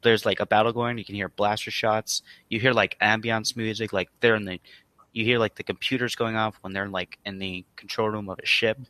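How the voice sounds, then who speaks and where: Low-voiced young man, bright and dry. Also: fairly quick, no echo. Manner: relaxed, enthusiastic, lots of fillers like "like". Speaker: podcast co-host. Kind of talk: casual podcast chat.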